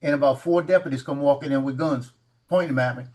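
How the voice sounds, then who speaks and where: Fast-paced and mid-range in voice, a man shares a story during a laid-back studio chat, stumbling into restarts and repeated words. He brings it to life by acting out the voices of its characters.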